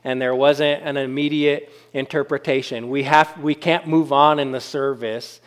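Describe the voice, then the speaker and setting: Smooth-voiced casual male pastor. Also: mid-range voice, fairly even intonation, moderate pace. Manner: conversational, frequent fillers and check-ins. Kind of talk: sermon.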